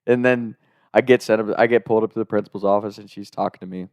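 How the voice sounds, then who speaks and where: Animated young man telling a story. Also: fairly low pitch, fairly quick, no echo. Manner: animated, acts out quotes with sudden loud outbursts. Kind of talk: casual storytelling.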